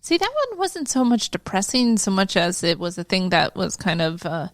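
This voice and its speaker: Podcast co-host, woman, curious, halting, mid-pitched, dry close sound. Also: big pitch swings, no echo. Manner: curious, hesitant, many fillers, laughs easily. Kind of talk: casual chat.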